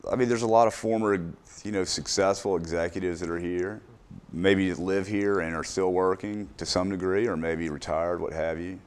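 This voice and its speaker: A man's voice: deep voice, steady tone, moderate pace. A middle-aged man, a business owner answering interview questions casually, with many fillers and restarts.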